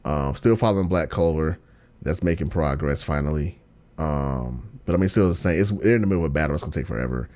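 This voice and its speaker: A man hosting a podcast in casual chat, slangy and ranting, dropping to low mumbles and then bursting into excited outbursts. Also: fast. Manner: slangy, lots of fillers and restarts. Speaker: podcast host.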